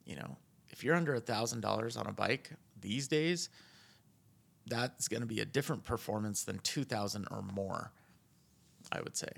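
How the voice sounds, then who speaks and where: Gravelly, husky man ranting casually. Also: moderate pace, fairly bright tone. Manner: rambling, ranting, jumps high in pitch when exasperated. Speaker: podcast host. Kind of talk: casual podcast monologue.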